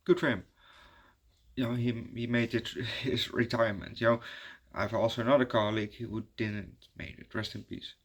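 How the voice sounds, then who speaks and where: Male movie reviewer at a mid pitch, chatting loosely and hesitantly with frequent ums and restarts. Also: level tone, moderate pace. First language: Dutch. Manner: rambling and hesitant, many fillers and restarts. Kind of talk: casual spoken movie review.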